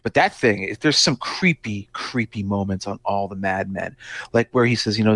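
A man's voice: mid-range voice, moderate pace, no room sound. A man hosting a podcast, talking casually and animatedly about music, with lots of filler words. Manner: talkative, many "like" fillers, animated. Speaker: podcast host.

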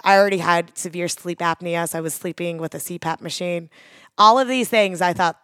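A woman's voice: on the low side, fairly quick, a bit bright, clean tone, dry recording, studio quality. A woman, earnestly telling a personal story in a chatty way, full of "like". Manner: chatty, heavy use of "like", earnest.

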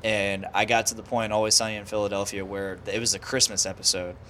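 A man's voice: fairly low pitch, flat delivery, quick pace, pushed and bright, slight background noise. A man in casual chat who rambles through stories, swearing freely and restarting sentences.

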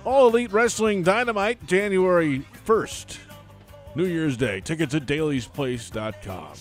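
A man's voice: a little high, lively intonation, unhurried. A man hosting a sports talk show, reading promos in an upbeat announcer manner. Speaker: radio show host. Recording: music bed behind the voice.

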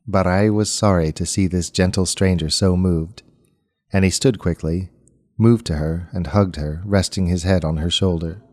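A man reading a story aloud as narrator, in a measured, unhurried storytelling manner. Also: sits low, steady tone, darkish tone. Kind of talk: scripted audiobook narration.

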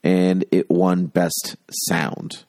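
A man with a very deep voice talks through a film's awards in casual banter. He is dry and teasing and laughs at his own jokes. The sound is close and dry. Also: little pitch movement, drawn-out words, darkish tone, dry recording. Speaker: podcast co-host. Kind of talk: casual chat about films.

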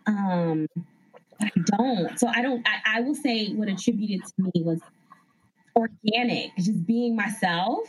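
A middle-aged woman talks in a breathy, slightly husky voice at an ordinary pitch. She is an animated, rambling guest in a casual chat. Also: measured pace, poor audio. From the Bronx, New York. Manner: animated, rambling storyteller with frequent laughs.

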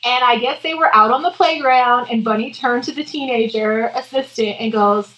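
A high-pitched woman co-hosting a podcast, telling a story from her family in easygoing chat. She talks bluntly and jumps in quickly when the other host is speaking. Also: pushed and bright, low-quality recording. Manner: brash, chiming in with quick reactions.

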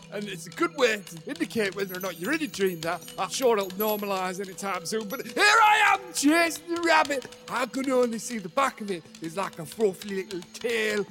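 A man voicing Manny, a dim, childlike male crewmate in an improvised comedy, slow and bewildered. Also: very high-pitched, fairly bright tone.

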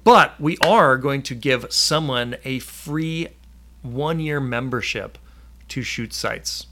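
A man's voice: mid-range voice, slow pace, pushed and bright. A man hosting a casual live stream, upbeat and full of fillers, reading viewer comments aloud.

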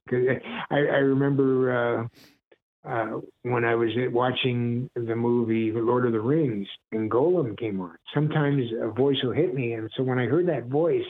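A middle-aged voice actor from Ohio, mid-range and speaking at a normal clip, shares casual stories as a guest in an interview. The phone line sounds tinny, and he chuckles a lot while sliding into impressions.

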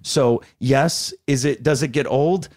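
A man in his forties, an actor being interviewed, telling stories in a lively casual way and jumping into little voices for the people he quotes. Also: medium pitch, measured pace, no echo, clean studio sound. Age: 40s. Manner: animated storyteller, acts out quotes in shifting voices. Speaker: actor guest.

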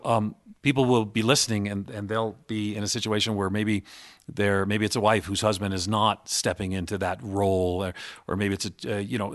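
A man's voice: fairly low pitch, a bit bright, no echo, studio quality. A middle-aged man hosting a pre-recorded radio interview, earnest, stopping and restarting as he asks questions. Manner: earnest, with many fillers and restarts. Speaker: radio host.

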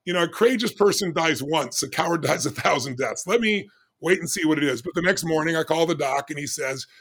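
A man in his early sixties who speaks in a voice pitched well above most men's. He tells a personal story with lots of energy as an interview guest, acting out each exchange he remembers. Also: a little fast. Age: 60s. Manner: animated, acts out dialogue with doctors.

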